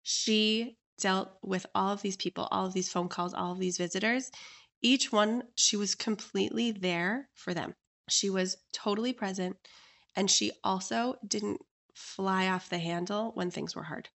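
A woman telling her own story in a relaxed conversation, words tumbling out with plenty of "like" fillers. She talks at an ordinary middle pitch and slips into playful voices when she quotes people. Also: a little slow. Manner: animated, lots of "like" fillers, acts out quoted voices. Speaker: life coach and interview guest.

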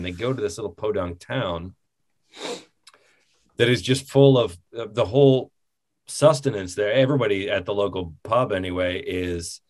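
Rambling, animated man talking movies. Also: low-pitched. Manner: rambling, animated, laughs often. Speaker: podcast co-host. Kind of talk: casual film discussion.

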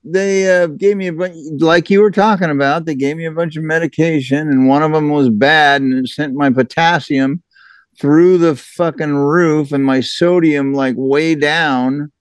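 A man's voice: a little high, steady tone, normal speed, smooth, no echo. A man co-hosts a podcast in casual chat. He talks in a plain, matter-of-fact way and swears casually. The sound is dry and close. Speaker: podcast co-host.

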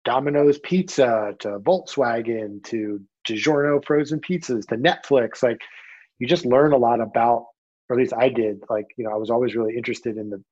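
A man's voice: mid-range voice, slightly rough. Laid-back male podcast guest, dull sound. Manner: relaxed, rambling, many fillers and casual swearing. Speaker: podcast guest, company founder. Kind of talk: casual interview storytelling.

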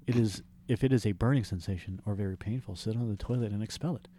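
A man's voice: lowish voice, fast, dark tone. A man co-hosting a comedic podcast, reading a listener's post aloud in a mock-formal way and laughing at crude jokes. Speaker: podcast co-host.

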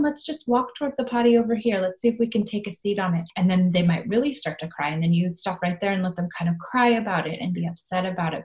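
A woman's voice: mid-range voice, darkish tone. A middle-aged woman co-hosting a parenting podcast, talking in an earnest, encouraging way and now and then acting out playful scenes. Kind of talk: casual advice chat.

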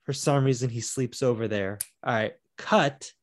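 On a loose podcast chat, a man with a medium-pitched voice talks at normal speed about a film he's watched. He discusses it animatedly, acting out the characters' lines along the way.

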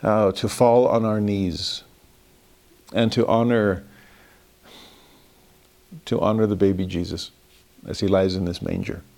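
A man's voice: fairly low pitch, steady tone, measured pace, vocal fry, long pauses, darkish tone. A man, giving a devotional Christmas lesson in an earnest, reflective way with some self-deprecating humor. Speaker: religious teacher.

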